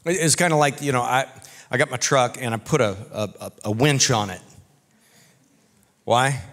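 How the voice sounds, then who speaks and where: A man preaching a sermon as pastor, telling folksy stories in an animated way. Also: medium pitch, normal speed. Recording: reverberant church hall.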